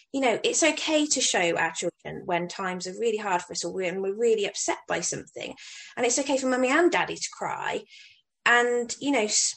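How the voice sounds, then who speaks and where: A woman in her thirties from England talks candidly in a relaxed conversation, often restarting her sentences. Her voice sits fairly high. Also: poor audio. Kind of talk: casual conversation.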